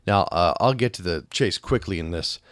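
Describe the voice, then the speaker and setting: A man reviewing a film on his podcast in a casual, animated way, acting out scenes and swearing freely. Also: sits low, normal speed, no room sound, clean studio sound.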